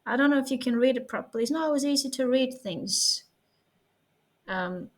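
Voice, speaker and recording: A woman's voice: high-pitched, normal speed. A Norwegian woman speaking English, talking into a webcam at home in a playful, giggly, rambling way. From Norway. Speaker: vlogger. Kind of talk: casual vlog chat.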